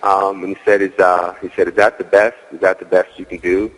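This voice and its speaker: A man's voice: sits low, flat delivery, fairly quick, long reverb tail, rough recording. A man as a guest in an interview, telling a story casually, leaning on "you know" and acting out his own dialogue. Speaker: guest, real estate wholesaler.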